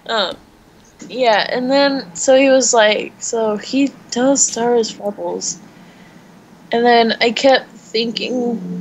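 A woman's voice: fairly high pitch, takes it slowly, slight background noise, low-quality recording. Giggly teen girl telling a story. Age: teens. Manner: giggly storytelling, quoting others. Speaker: podcast co-host. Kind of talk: casual chat.

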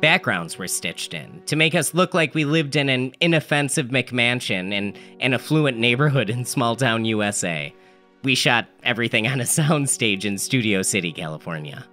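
Man narrating deadpan, bright tone. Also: medium pitch, moderate pace, soft background music. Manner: dry, matter-of-fact delivery of absurd events. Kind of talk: deadpan comedic storytelling.

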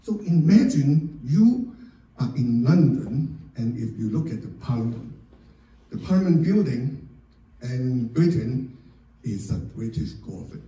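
Guy teaching architecture off slides, lots of you know and okay, dark mellow voice, super echoey room, mic way back. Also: mid-range voice, far from the mic. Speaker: architecture lecturer. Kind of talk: informal lecture with slides. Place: church hall or lecture room.

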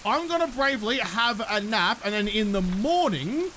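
A man's voice: sits high, lively intonation, normal speed, sharp tone, slight background noise. A man giving chatty, self-mocking solo gameplay commentary, swearing now and then. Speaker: gaming YouTuber.

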